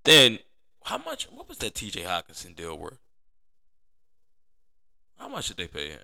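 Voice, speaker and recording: A man's voice: lowish voice, huge pitch swings, unhurried, vocal fry, sharp tone. A man hosting a sports podcast, talking casually and with energy, often repeating himself for emphasis. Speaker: podcast host.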